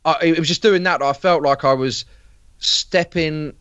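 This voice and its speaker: A man's voice: fairly high pitch, normal speed, a bit bright, clear, resonant tone, no room sound, highs cut off. A man, a podcast guest chatting casually, rambling with plenty of fillers and restarts. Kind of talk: casual chat.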